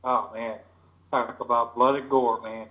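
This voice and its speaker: A man's voice: mid-range voice, little pitch movement, a little slow. A man calling into a podcast, giving short, terse answers in casual chat. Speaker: podcast guest on the phone. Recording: tinny phone line.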